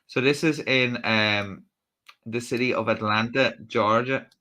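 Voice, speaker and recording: A man's voice: mid-range voice, measured pace, bright, forceful tone. A man giving casual, rambling live-stream commentary on police footage, with wry asides and frequent restarts. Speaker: streamer reacting to police clips.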